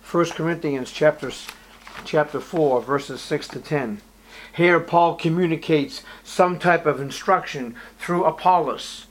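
A somewhat high-voiced male preacher working through a Bible passage. He reads old-style scripture aloud and presses his listeners with rhetorical questions. His delivery rises to loud, pointed peaks and drops to hushed asides. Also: unhurried. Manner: reads scripture aloud in King James wording. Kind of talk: expository sermon.

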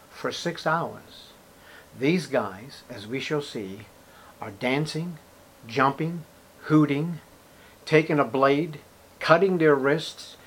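A man preaching a sermon with dramatic storytelling, loud emphatic bursts and sarcastic rhetorical questions. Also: medium pitch, slight background noise. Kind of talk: expository sermon.

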